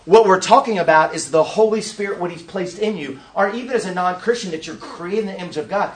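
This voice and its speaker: A man giving a preaching-style conference talk, an animated storyteller who acts out scenes and asks the audience rhetorical questions. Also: high-pitched, quick pace, few pauses, distant mic. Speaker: workshop speaker at a conference.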